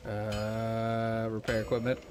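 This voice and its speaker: A man's voice: lowish voice, monotone, slow, background noise. A man streaming a video game, thinking aloud and swearing casually as he plays. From North America. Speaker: gaming streamer. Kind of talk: casual gameplay commentary.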